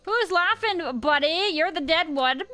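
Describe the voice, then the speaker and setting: A woman in her thirties streams a game with a high, bright voice, a bit tipsy and giggly. She talks unhurriedly and playfully to her viewers over faint music. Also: lively intonation, a little slow. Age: 30s. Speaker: livestreamer. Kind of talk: casual gaming livestream chat.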